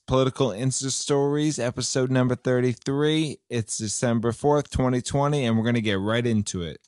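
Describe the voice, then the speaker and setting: A man's voice: medium pitch, a little mellow, clean tone, no room sound, studio quality. Indignant man hosting a political podcast. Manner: indignant, rambling with fillers. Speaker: podcast host. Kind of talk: casual political commentary.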